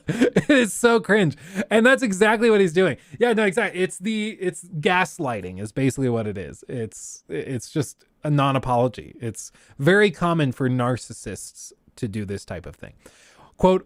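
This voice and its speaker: A livestream host ranting bluntly in casual commentary, his voice leaping up and down with animation. He sits a little high for a man. The sound is dry and close, with no room echo. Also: very animated, moderate pace.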